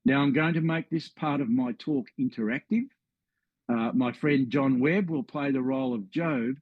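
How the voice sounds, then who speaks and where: A man's voice: medium pitch, normal speed, no echo, phone-quality sound. A man with an Australian accent presenting a history talk as a story, friendly with wry asides.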